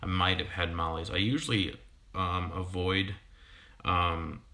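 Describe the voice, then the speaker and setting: A man in his thirties, a fishkeeping YouTuber, chatting casually on a livestream in a halting way with many ums and restarts. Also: low-pitched, level tone, bright, forceful tone, slight background noise. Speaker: fishkeeping YouTuber and sixth-grade teacher.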